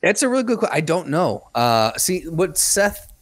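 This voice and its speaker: Joking, halting man, podcast co-host. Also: fairly high pitch, sing-song, dry recording. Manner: joking, halting, self-deprecating. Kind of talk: casual chat.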